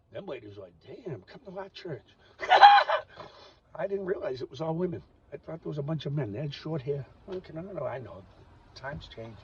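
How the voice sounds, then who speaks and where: A raspy older man rants to camera, cursing freely and swinging between shouts and mutters. His voice sits high and bright with a gravelly edge. The lo-fi recording is dull and picked up from a distance. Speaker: vlogger. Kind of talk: ranting monologue to camera.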